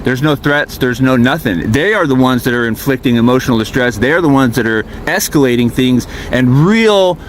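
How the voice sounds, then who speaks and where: A man sitting in his vehicle, telling his grievance in a fast, profane, aggrieved rush while filming on his phone. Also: medium pitch, lively intonation, slight background noise. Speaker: RV park guest filming a police encounter. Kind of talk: agitated venting monologue.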